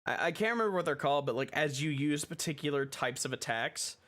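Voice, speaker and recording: A man's voice: a little high, animated, fast talker, fairly bright tone. A man hosting a casual podcast chat, rambling with lots of fillers and restarts. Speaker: podcast host.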